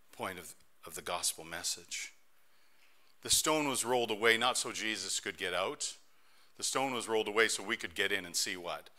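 A middle-aged man preaching a sermon as pastor, telling stories in an animated way that swings between soft and loud. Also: fairly low pitch.

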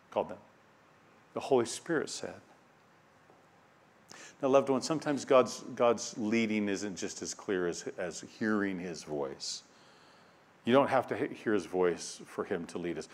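A man preaching a sermon. He reads scripture aloud and repeats key phrases, moving between quiet passages and loud, emphatic ones. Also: medium pitch. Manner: dynamic preaching, swinging from hushed to loud and emphatic.

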